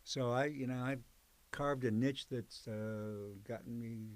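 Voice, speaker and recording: Talking a little slowly in a steady, medium-pitched voice, an older psychologist and professor recalls his career. The setting is an oral history interview, and he speaks conversationally, drifting into digressions and using fillers.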